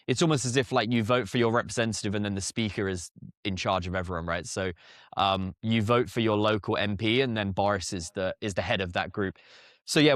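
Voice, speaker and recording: A young English man, a podcast guest, chatting casually with laughing asides and quick restarts. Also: fairly low pitch, a bit bright, dry recording, studio quality. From England. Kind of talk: casual interview chat.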